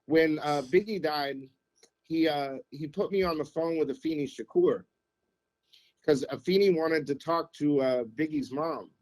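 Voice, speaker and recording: A middle-aged man, a former radio programmer, telling anecdotes on a podcast in an animated, casual way. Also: on the high side, a little slow, poor audio. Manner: animated anecdote-telling, acts out quotes, keeps saying "you know what I mean". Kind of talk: casual storytelling.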